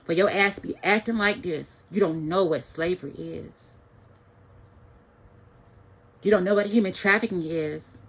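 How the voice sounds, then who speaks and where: A woman's voice: fairly low pitch, measured pace, pauses often, breathy edge. Angry ranting woman vlogger. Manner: heated, profane, repeats phrases for emphasis.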